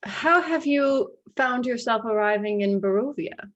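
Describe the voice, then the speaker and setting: A smug, well-spoken carnival showman, played by a woman game master in tabletop role-play. The delivery is unhurried and courtly. The audio is a little dull and lo-fi. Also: fairly high pitch, expressive. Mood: smug, genteel. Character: suave boastful male carnival master.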